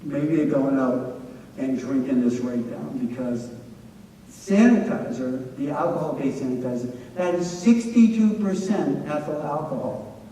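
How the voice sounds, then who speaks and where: A man lectures with lively anecdotes, acting out quotes as he goes. His voice sits somewhat high with a soft, mellow tone. He is picked up from far off in a large hall with heavy echo and faint room noise. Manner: energetic, animated storyteller who acts out quotes. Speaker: presenter at a staff training. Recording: echoey hall, distant mic.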